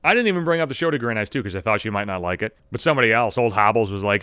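A man's voice: lowish voice, expressive, rapid-fire, few pauses, sharp tone, clear, resonant tone, dry recording, studio quality. A man hosting his own podcast, ranting in a casual comedic monologue, profane and self-mocking. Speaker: podcast host.

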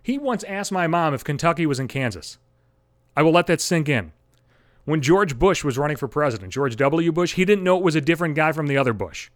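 A man's voice: a little high, lively intonation, fast talker, hardly any pauses, no room sound. Profane ranting young man, dry sound. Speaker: podcast host. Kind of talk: comedic rant.

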